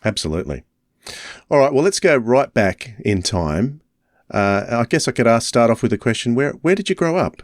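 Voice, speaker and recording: Male host, hesitant questioner, lively intonation, dry close mic. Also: medium pitch, normal speed, dry recording. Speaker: podcast host. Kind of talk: casual interview questions.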